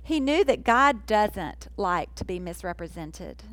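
A woman teaching a sermon in an earnest, emphatic way, slowing down to stress key phrases. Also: mid-range voice, big pitch swings, poor audio. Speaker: Bible teacher.

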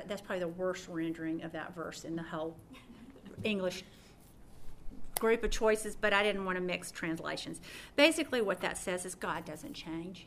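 A woman's voice: mid-range voice, a bit bright, a little hiss or hum. A middle-aged woman teaching from the Bible in an earnest, personal way, often restarting her sentences.

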